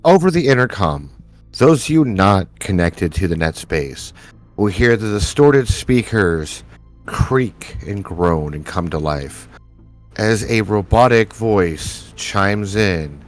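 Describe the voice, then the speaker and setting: Male game master, low voice, easygoing narration, faint music underneath. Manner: relaxed, descriptive narration with quick asides.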